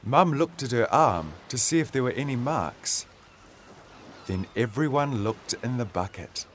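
A man's voice: mid-range voice, slight background noise. A man reading a children's story aloud as narrator. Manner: slow, animated storytelling.

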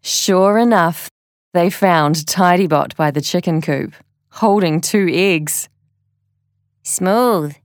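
A woman reading a children's story in a gentle, clear, measured way. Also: lowish voice, no echo, clean studio sound. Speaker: narrator.

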